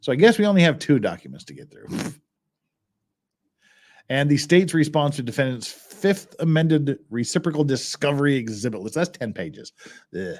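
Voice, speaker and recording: A man's voice: medium pitch, big pitch swings, normal speed, a little mellow. A man hosting a livestream, chatting casually and thinking aloud as he goes through documents. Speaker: livestream host.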